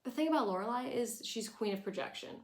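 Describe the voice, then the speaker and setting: A woman's voice: fairly high pitch, expressive, fast, echoey room. A young woman casually recapping a show, blunt and sarcastic, with lots of "like". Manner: sarcastic, blunt, heavy use of "like".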